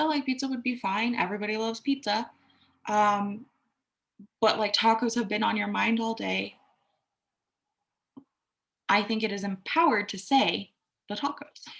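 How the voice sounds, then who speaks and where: A candid young woman talks through self-care advice in a relaxed, conversational way. She drops in the odd swear word and briefly acts out the voices she quotes, then slips back into her easy reflective tone. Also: fairly high pitch, vocal fry. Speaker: astrology and self-care podcaster. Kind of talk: reflective casual monologue.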